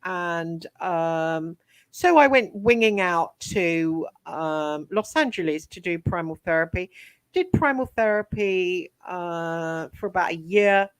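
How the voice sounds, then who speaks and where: A woman's voice: fairly low pitch, lively intonation, slow, smooth, no echo. Hesitant woman telling her story. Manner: hesitant, many ums and restarts, frank. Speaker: interview guest, psychic medium and author. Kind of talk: recounting her life story in a casual interview.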